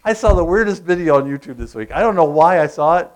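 A man preaching a sermon, animated, asking the congregation questions and acting out sounds. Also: on the high side, fast. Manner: animated, acts out groans and crowd sounds, asks the congregation questions. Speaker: pastor.

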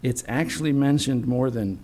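A man's voice: medium pitch, normal speed, dark tone. A man preaching a sermon in a chatty, storytelling way with self-deprecating humor.

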